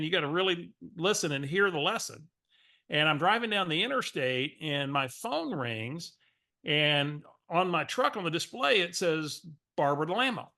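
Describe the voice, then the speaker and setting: A man coaching, telling a lively story and acting out a phone call. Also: fairly high pitch. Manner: animated storyteller, acts out phone calls.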